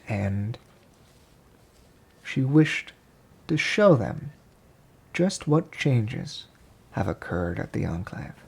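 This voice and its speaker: A man narrating a tabletop game as game master, slow and measured with pauses. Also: medium pitch, vocal fry, darkish tone, breathy edge.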